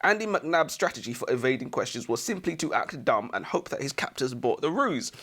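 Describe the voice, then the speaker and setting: Quick, lively man. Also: medium pitch. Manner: animated storytelling. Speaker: co-host. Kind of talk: casual book-review chat.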